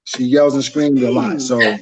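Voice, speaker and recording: A man co-hosting a casual chat, explaining his view in a relaxed, humorous, conversational way. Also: medium pitch, unhurried, husky, rough recording. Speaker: podcast co-host.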